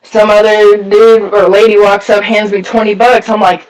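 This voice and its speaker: A man's voice: sits high, level tone, moderate pace, few pauses. A man giving candid personal testimony at a recovery meeting, telling his story bluntly with lots of swearing and filler words, his voice a bit far from the mic. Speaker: speaker sharing a recovery story.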